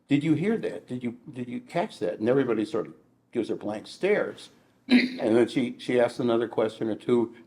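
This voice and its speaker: A male author at a book launch, explaining a scene from his book in a hesitant, halting way. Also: lowish voice, darkish tone. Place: book launch event room. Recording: echoey room.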